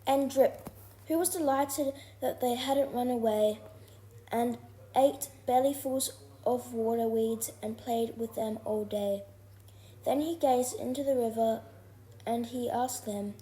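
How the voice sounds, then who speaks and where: A woman reading a rhyming children's storybook aloud in an expressive, rhythmic way. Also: fairly high pitch, takes it slowly. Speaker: storybook reader.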